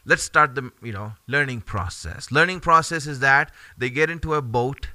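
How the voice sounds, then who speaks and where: A man teaching a religious lesson in an animated, conversational way, often dropping in fillers between his points. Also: mid-range voice, normal speed, dry recording. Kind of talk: storytelling sermon.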